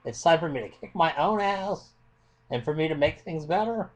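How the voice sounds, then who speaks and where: A man's voice: a little high, expressive, moderate pace. A man ranting into his webcam at home, blunt and impassioned, swearing freely. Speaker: vlogger. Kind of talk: webcam rant.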